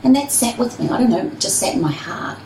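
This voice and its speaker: A woman's voice: a little high, lively intonation, fast, dark tone, echoey room, distant mic, slight background noise, low-quality recording. A woman, a personal trainer and runner, telling her story candidly and expressively in an interview.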